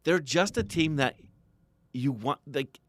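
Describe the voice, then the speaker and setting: Lively man riffing in podcast chat. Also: on the high side, slow, dry recording. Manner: animated, laughs easily, riffs on jokes. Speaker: podcast co-host. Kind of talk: casual chat.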